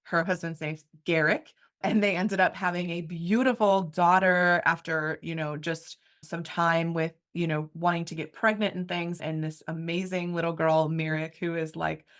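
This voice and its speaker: Effusive woman host, low-pitched voice. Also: steady tone, moderate pace, hardly any pauses, a bit bright. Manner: effusive, gushing, filler-heavy. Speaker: interview host. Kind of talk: heartfelt conversational interview.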